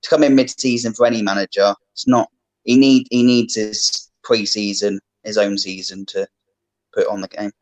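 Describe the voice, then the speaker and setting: A man's voice: lowish voice, level tone, moderate pace, darkish tone, poor audio. A man calling in as a fan, talking earnestly with frequent restarts. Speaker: caller. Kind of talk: fan phone-in chat.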